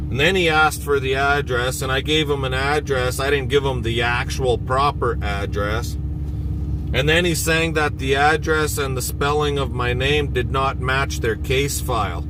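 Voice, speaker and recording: A farmer vlogging casually from a moving vehicle, blunt and salty, swearing freely as he chats to his viewers. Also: on the high side. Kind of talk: casual on-the-road vlog. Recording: loud road noise in a vehicle.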